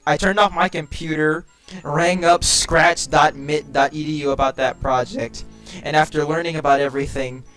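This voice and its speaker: A man's voice: a little high, fairly even intonation, normal speed, a bit bright, faint music behind. A young man reading a creepypasta aloud with friends, mocking it sarcastically and cracking crude jokes.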